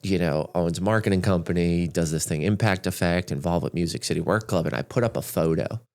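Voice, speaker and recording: A man's voice: sits low, fairly quick, a little mellow. A man in his thirties, a podcast guest and speaker with a Middle Tennessee accent, sharing a personal story in an earnest, heartfelt way. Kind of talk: candid conversational storytelling.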